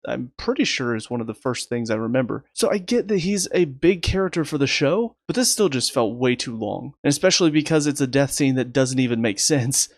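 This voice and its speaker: A man casually reviewing a TV episode, exasperated and sarcastic, restarting his sentences often and recapping scenes in quick lists. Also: medium pitch, dry recording, clean studio sound. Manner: rapid recaps in a flat list. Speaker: TV review host.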